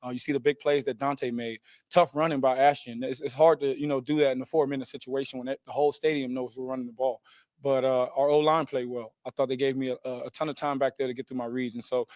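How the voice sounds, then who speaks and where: Male pro quarterback at a post-game presser, fast and level, with lots of fillers. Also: mid-range voice, dry recording. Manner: steady, many fillers (um, you know).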